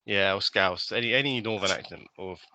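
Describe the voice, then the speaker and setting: A man's voice: lowish voice, fairly quick, a little hiss or hum. A young British man co-hosting a podcast, chatting casually and telling stories with little impressions of people. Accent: British English. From Britain. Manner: animated storytelling, mimics others. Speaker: podcast co-host. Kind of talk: casual chat.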